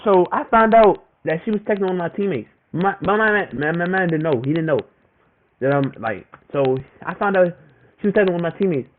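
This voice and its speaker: A young man tells a story in loose, cursing slang. He repeats words often as he talks. His voice sits a little high, and the sound is thin and phone-like with a faint hiss. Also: brisk. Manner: animated, profane, repeats himself a lot. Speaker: vlogger. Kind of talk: casual storytime monologue. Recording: tinny phone-like audio with faint noise.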